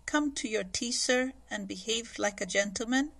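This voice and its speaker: A woman reading a gruff, blunt old gentleman who asks short, abrupt questions but is kind underneath. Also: high-pitched, moderate pace, exaggerated voice. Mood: brusque. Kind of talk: audiobook character voice.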